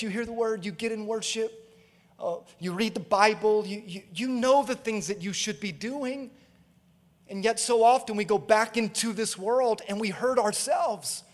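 A man's voice: high-pitched, fairly bright tone, in a large hall. A man preaching a sermon as pastor, emphatic, with call-and-response asides and acted-out quotes. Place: church auditorium.

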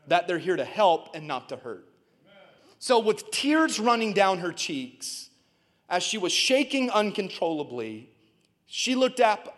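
A man's voice: high voice, fairly bright tone. A male pastor delivering a sermon, moving from a tender personal story to a passionate call to the congregation. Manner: preaching with rising intensity, calling out to the congregation. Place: church.

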